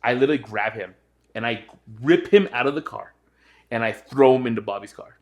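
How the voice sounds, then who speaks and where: A man's voice: mid-range voice, fairly quick. A young man co-hosting a podcast, telling a story in casual chat and acting out his friends' voices. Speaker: podcast co-host.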